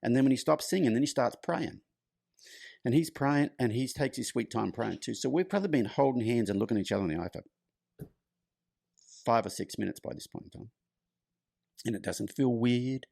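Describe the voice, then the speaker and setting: A man's voice: mid-range voice, expressive, brisk, creaky, long pauses, darkish tone, no echo, studio quality. A middle-aged man, a horse clinician, telling a long personal story in a loose, chatty way as a podcast guest. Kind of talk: storytelling in conversation.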